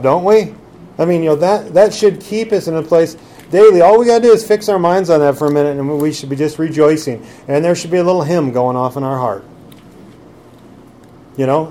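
Guy preaching a sermon, chatty, keeps asking the room questions, mellow kinda high voice, faint hiss behind. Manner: conversational preaching, rhetorical questions. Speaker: pastor.

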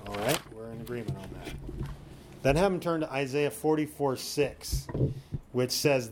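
Man, teaching sermon, conversational coaching tone, checks in with listeners, reads scripture slowly, faint background hiss. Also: mid-range voice. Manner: slows down to read scripture aloud.

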